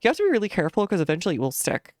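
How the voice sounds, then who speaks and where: A woman's voice: on the low side, wildly swooping pitch, rapid-fire, a little mellow, dry recording, clean studio sound. A woman from New Jersey chatting casually while streaming a game, rambling with lots of "like" and "uh". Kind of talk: casual gaming commentary. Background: game music.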